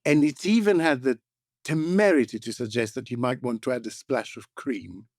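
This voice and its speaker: A man's voice: medium pitch, moderate pace, a little mellow, no room sound. A man co-hosting a podcast, chatting through the news in a wry, thoughtful way on a close mic. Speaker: podcast co-host. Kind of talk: casual news chat.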